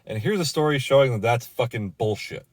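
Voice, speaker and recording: A man's voice: mid-range voice, lively intonation, fairly quick, over loud music. A man who manages a bar, telling a story in a casual rant that is full of swearing, fillers and restarts.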